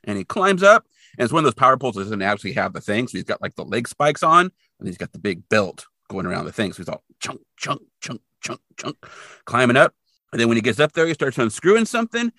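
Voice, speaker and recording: A man telling a story in a lively, swooping voice, bright and forward in tone. He recaps an episode in casual podcast chat and throws in playful sound effects along the way. The recording is close and dry, with no room sound. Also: medium pitch, quick pace, no room sound. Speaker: podcast co-host.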